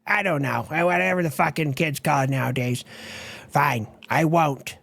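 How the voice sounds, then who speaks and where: A performer voicing a brash, crude personified America in an animated web series. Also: mid-range voice, normal speed, creaky.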